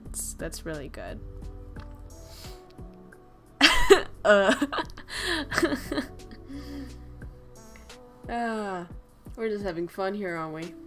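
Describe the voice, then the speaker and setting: A woman hosting a casual chat stream, joking and rambling, laughing often and swearing casually. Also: fairly low pitch. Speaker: streamer host.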